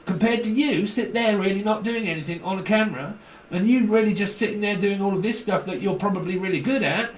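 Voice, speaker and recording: A man's voice: high-pitched, fast talker. Rambling, swearing man in an echoey room. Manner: rambling and swearing, laughs a lot, mimics other people. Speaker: tarot reader. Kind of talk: casual monologue to camera. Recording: echoey room, some distance from the mic, faint noise.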